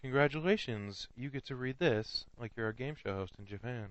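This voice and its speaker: A man's voice: medium pitch, brisk, dry recording. A man hosting a comedy podcast, directing the show and prompting his co-hosts to read items aloud. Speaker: podcast host. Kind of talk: casual comedic chat. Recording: dull, dry lo-fi mic.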